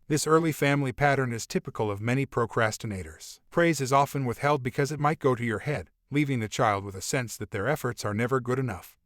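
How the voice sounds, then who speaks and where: Guy narrating a self-help audiobook, calm and steady, mid pitch, dry close sound. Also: no echo. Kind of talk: scripted nonfiction narration.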